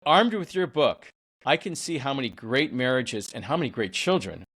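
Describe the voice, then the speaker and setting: A chatty male host speaks with a lively, swinging pitch and rambles from one thought to the next. His voice is mid-range for a man, and he keeps agreeing with his guest. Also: moderate pace, husky. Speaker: podcast host. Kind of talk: conversational interview.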